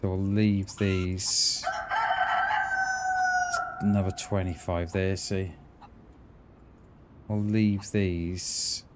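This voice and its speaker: A man's voice: sits low, flat delivery, drawn-out words, long pauses, heavy background noise. A man streaming a survival game, chatting casually with his viewers in a rambling way, often restarting his words. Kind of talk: casual livestream chat while gaming.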